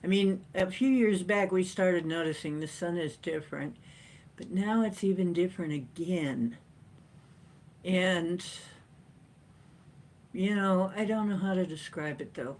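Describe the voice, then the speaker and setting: A woman hosting a casual livestream chat from home, rambling and chatty with frequent laughs and playful jumps in pitch. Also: measured pace, pauses often, darkish tone. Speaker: livestream host. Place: at home, sitting in a chair with a cat.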